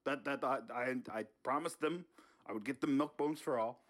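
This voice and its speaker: Using a medium-pitched voice close to his everyday one, at a moderate pace, a man plays a grumbling older male politician who sneaks into a house. In this comedy sketch impression he mutters pleadingly and swears crankily under his breath.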